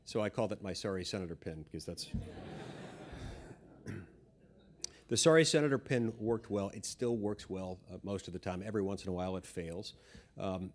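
A man's voice: sits low, normal speed, long pauses, a little mellow. A man, a senator, giving a humorous speech built on anecdotes, told in a dry, self-deprecating way.

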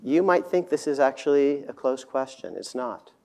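Halting, joking male debate speaker. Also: medium pitch, expressive, creaky, darkish tone. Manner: halting, filler-heavy, self-deprecating humor; dismissive confident emphasis. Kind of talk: debate speech.

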